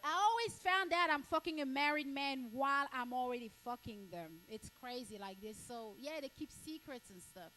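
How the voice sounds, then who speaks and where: A woman from Cameroon doing stand-up crowd work, blunt and crude, repeating herself and breaking into shouts. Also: sits high, lively intonation, moderate pace, hardly any pauses. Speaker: stand-up comedian.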